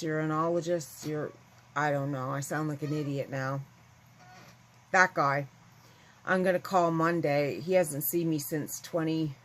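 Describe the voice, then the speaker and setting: A vlogger with a voice that sits low chats casually to camera, rambling and candid with her viewers. The recording is rough.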